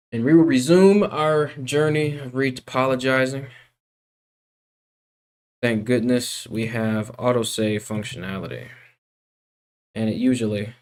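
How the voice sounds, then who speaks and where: Young dude streaming at his desk, exasperated, talks to chat with lots of dude and bro. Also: medium pitch. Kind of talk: casual live-stream chat.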